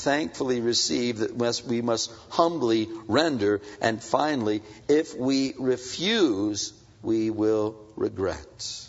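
A man preaching a sermon as a pastor, swinging between loud emphatic peaks and soft confiding asides. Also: mid-range voice, husky. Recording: dull, muffled sound with long hall reverb.

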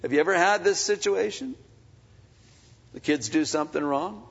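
A man preaching a sermon as a pastor, swinging between loud emphatic peaks and soft confiding asides. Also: high-pitched, normal speed, vocal fry, slightly rough. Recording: dull, muffled sound with long hall reverb.

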